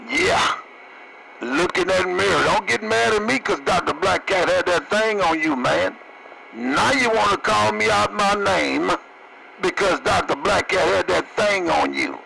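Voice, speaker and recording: Gravelly, high-voiced man joking over CB radio. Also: expressive, measured pace, a crowd in the background. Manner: joking, laughs between lines, radio lingo. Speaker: CB radio operator. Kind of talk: CB radio banter. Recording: noisy CB radio transmission.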